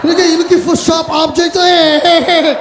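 High-voiced stand-up comic. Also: male voice, fairly quick. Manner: animated, shouting punchlines. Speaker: stand-up comedian. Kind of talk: stand-up comedy. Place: hotel showroom stage. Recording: echoey hall, live noise.

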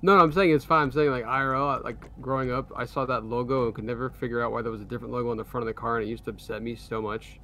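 A man's voice: mid-range voice, fairly even intonation, rapid-fire, hardly any pauses, a bit bright. A man chatting casually while setting up a roleplay game, joking and laughing often. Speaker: roleplay streamer. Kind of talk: casual gaming chat.

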